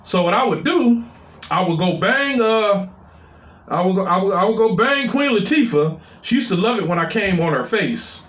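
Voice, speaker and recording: Male storyteller, 40s; profane and rambling, animated delivery, roomy echo. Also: high-pitched, moderate pace. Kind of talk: casual personal storytelling. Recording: echoey room.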